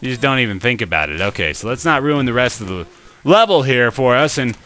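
A young man giving let's play commentary, excitable and talking to the game, with frustrated exclamations and laughs. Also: mid-range voice, a little fast, a little hiss or hum. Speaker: gameplay commentator.

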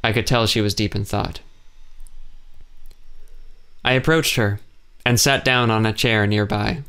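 A man reading an audiobook in calm, measured first-person narration. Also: on the low side, clear, resonant tone.

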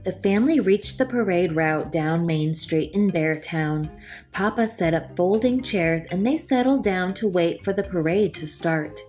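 A woman reading a children's storybook aloud in a gentle, expressive manner, as the host of a storytime channel. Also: lowish voice. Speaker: storytime reader.

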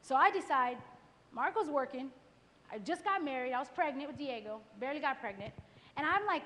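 High-voiced fast-talking woman preaching. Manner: lively storytelling, acting out her own past thoughts. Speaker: worship service speaker. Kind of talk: testimony sermon. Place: church worship hall. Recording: echoey live church recording.

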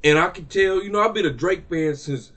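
Man, slightly high voice, fed-up casual vlog rant, profane and repetitive. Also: fairly quick, fairly bright tone. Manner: exasperated, profane, repeats himself for emphasis. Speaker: music reaction vlogger. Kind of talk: casual heated rant to camera.

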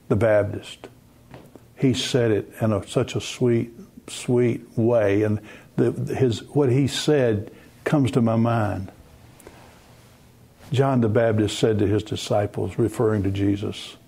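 A man preaching a broadcast sermon, earnest, repeating words and slowing down to stress his points. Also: medium pitch, gravelly, dark tone. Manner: earnest, repeats words, slow emphatic phrasing.

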